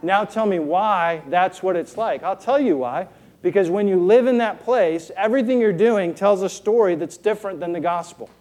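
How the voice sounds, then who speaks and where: A man's voice: sits high, normal speed, darkish tone. A man preaching a sermon as a pastor, earnest and rhetorical, often checking in with the congregation with "right?".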